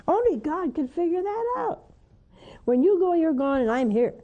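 An older woman, a nun hosting a call-in show, preaching fervently and coaxing callers, her voice often rising to high emphatic peaks. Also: sing-song, normal speed, warm tone, muffled recording.

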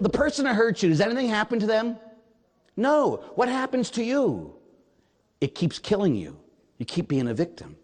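A man who is a priest, preaching a sermon in a conversational, animated way, often checking in with his audience. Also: fairly high pitch. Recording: long hall reverb.

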